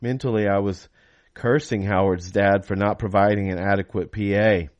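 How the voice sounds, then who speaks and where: A man's voice: fairly low pitch, steady tone, moderate pace, muffled recording. A man reading his own novel aloud in first person, then chatting casually to close the episode. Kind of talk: audiobook reading.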